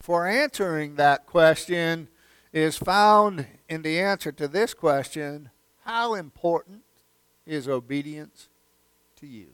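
A man's voice: on the high side, slow, a bit bright, clear, resonant tone. A male pastor preaching a sermon with folksy, humorous storytelling.

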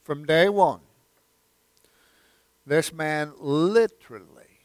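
A man's voice: on the high side, very slow, clean tone. A male pastor preaching a sermon with folksy, humorous storytelling.

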